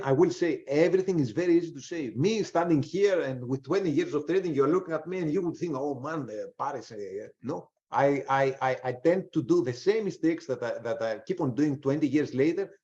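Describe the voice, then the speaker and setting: Rambling man giving a webinar talk. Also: on the high side. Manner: rambling, frequent restarts and fillers. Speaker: webinar presenter, trader. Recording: slightly dull, lo-fi webinar audio.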